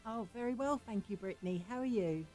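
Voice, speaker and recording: A woman's voice: on the high side, brisk, over music. Polite chatty Englishwoman. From England. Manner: polite, chatty, laughs easily. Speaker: studio guest judge.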